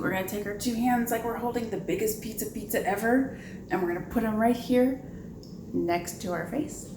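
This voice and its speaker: A children's librarian leading a preschool storytime, upbeat and chatty, asking the little ones questions as she explains. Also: on the low side. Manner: upbeat, talks to young children, asks questions. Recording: echoey room with background noise.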